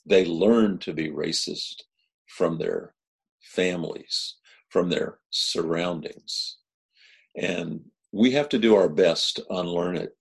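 A Kansas pastor delivers a recorded sermon in an earnest, measured manner, his pitch rising to stress key words. His voice is gravelly and slightly rough.

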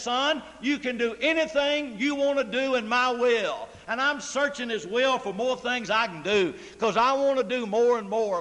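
In a church sanctuary with long reverb, a man with a very high voice and sharp tone preaches a sermon. He is emphatic, firing rhetorical questions at the congregation.

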